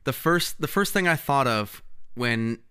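A man's voice: mid-range voice, animated, measured pace, pushed and bright, smooth. A young man co-hosting a podcast, chatting casually and rambling with lots of fillers. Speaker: podcast co-host. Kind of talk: casual chat.

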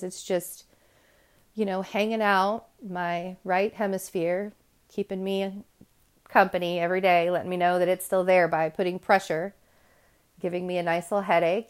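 A woman's voice: mid-range voice, clean tone. A woman hosting a podcast, talking to her listeners in a candid, rambling monologue full of asides and restarts. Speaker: podcast host.

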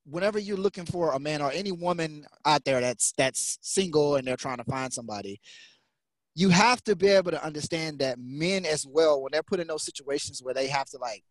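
A man's voice: fairly high pitch, brisk, no echo. A man who is a guest on a podcast, chatting casually and explaining his views at length.

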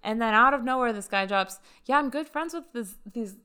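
A woman casually telling a story on a podcast, chatty and animated, acting out what others said. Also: a little high, fairly quick, clean tone. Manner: chatty, animated retelling with quoted dialogue. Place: lives in Las Vegas.

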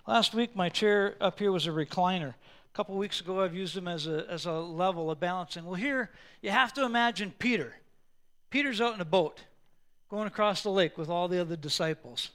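A male pastor preaching a sermon, animated and acting out Bible scenes with props and quoted voices. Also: high voice, brisk.

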